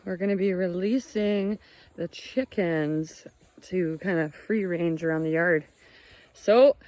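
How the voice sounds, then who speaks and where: A woman, chatting casually and excitedly in a vlog, recorded outdoors on a farm. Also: mid-range voice. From Canada. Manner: chatty and exclamatory. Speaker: homesteader vlogger.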